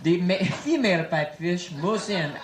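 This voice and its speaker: A man doing a French-accented impression of an undersea explorer, narrating slowly and solemnly during a stand-up set. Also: sits high, animated. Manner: solemn, slow documentary narration. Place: nightclub. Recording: echoey club, loud crowd and noise.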